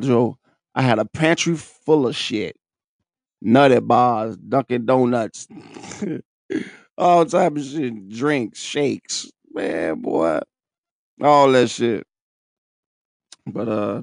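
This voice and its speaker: A man telling his own story in casual, profane, animated talk, laughing and breaking into high shouts. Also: vocal fry, dry recording, studio quality.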